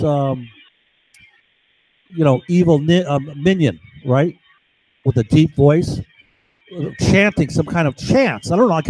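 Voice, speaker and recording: An agitated man rambles on in a loose monologue, tagging "right?" onto his points and restarting often. His voice sits a bit high for a man. The sound is dry and close, with no room echo. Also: warm tone, breathy edge. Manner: agitated, digressive, many restarts and "right?" tags. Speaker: vlogger. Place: home.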